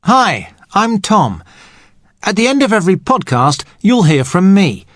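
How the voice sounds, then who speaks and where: A man speaking as an English teacher, explaining grammar patiently and clearly for learners. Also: high-pitched, very animated, a little slow, a bit bright, dry recording, clean studio sound.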